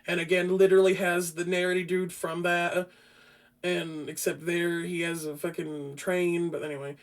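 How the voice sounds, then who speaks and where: A man's voice: high-pitched, normal speed. A man hosting a podcast, casually reviewing a film in a rambling, profane way with frequent restarts. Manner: grows loud and animated. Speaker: podcast host.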